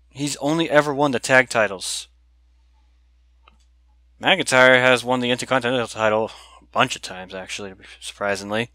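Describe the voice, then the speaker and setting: A man giving casual let's-play commentary over a wrestling video game, chatty and excitable and laughing often. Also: medium pitch, dry recording. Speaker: gameplay commentator.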